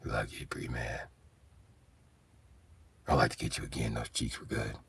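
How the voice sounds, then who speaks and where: A man voicing a menacing, smug male crime-fighter in a low, husky whisper, speaking slowly and creepily. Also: level tone, fairly bright tone, distant mic, a little hiss or hum, exaggerated voice.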